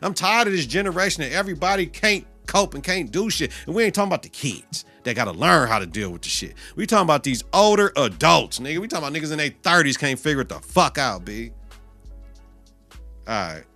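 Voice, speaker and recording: A man hosting his own podcast, ranting in a casual, profane way and swinging between loud outbursts and quiet asides. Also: a little high, fast talker, soft background music. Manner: animated, heavy cursing, swings loud and soft. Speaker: podcast host.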